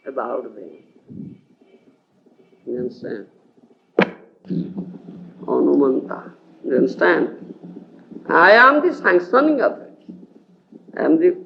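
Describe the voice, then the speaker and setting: An Indian spiritual teacher lectures on scripture on an old tape, often checking that his listeners are following. His voice is on the high side with vocal fry, and the audio is dull with slight background noise.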